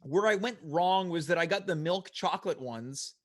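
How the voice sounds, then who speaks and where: A man's voice: high-pitched, expressive, moderate pace. Guy hosting a chat show, wry and rambly, mock serious. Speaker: host. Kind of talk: casual chat.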